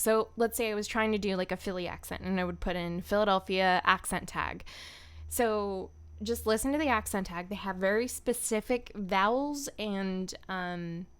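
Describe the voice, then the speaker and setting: A young woman talking to her stream audience in an easy, rambling way. Her voice is smooth and clean, with plenty of ums and quick laughs. Casual, unscripted chat. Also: mid-range voice, a bit bright. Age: young adult. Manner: chatty, laughs often, many fillers. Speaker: voice actor streaming.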